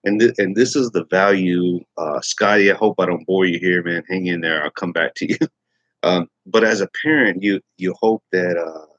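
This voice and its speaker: A man's voice: sits low, normal speed, fairly bright tone, dry recording, dull audio. A middle-aged man from Texas hosting a casual morning livestream, rambling with many fillers and restarts. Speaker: livestream host.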